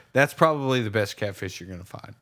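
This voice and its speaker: A man's voice: lowish voice, expressive, fairly bright tone, no room sound, studio quality. A man joking and swearing in casual podcast chat. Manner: joking, profane, drawn-out delivery. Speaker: podcast co-host.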